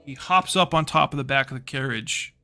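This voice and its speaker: A man's voice: mid-range voice, fairly quick, pushed and bright, dry recording, faint music behind. A man narrating a tabletop game as game master in a casual, loose way with frequent swearing. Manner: casual, swearing, hesitant fillers.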